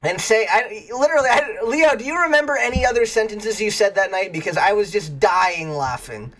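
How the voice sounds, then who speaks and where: A livestreamer chatting casually with viewers, spinning long, rambling anecdotes. The voice sits at an ordinary middle pitch, and laughter keeps breaking into the telling. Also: a little fast. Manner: laughs often while telling stories; animated, rambling storyteller. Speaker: streamer.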